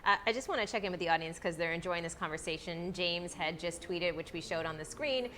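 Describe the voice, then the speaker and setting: A woman's voice: on the low side, brisk, sharp tone, slight background noise. A woman in her forties hosting an interview, chatty and friendly, reading viewer comments aloud on a set. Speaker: interviewer host. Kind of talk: conversational interview. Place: studio set.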